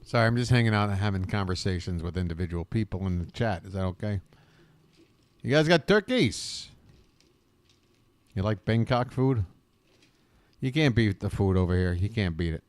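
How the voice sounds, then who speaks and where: Living in Bangkok, far from the United States, an American man hosts a live stream from home, casually rambling, greeting viewers by name, and occasionally swearing. His voice is on the low side and expressive, at a moderate pace with frequent pauses, in a dry recording.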